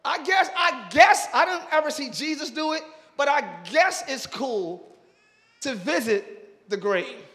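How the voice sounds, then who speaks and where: A male pastor preaching a sermon in church, talking with the congregation and rising into loud shouting praise. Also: very high voice, expressive, a little slow, big-room sound. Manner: preaching with call-and-response to the congregation.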